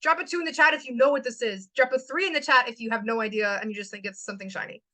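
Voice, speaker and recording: Bright, high-voiced woman, emphatic. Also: very fast, dry recording, poor audio. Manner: emphatic, repeats lines for stress. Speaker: host. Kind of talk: motivational talk to a live chat.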